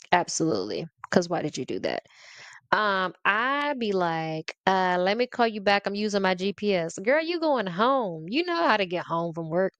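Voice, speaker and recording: A woman's voice: mid-range voice, no room sound. Sassy, laughing woman ranting to camera. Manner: animated, playful, sassy, laughs often. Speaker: podcast host. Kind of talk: casual comedic rant to the audience.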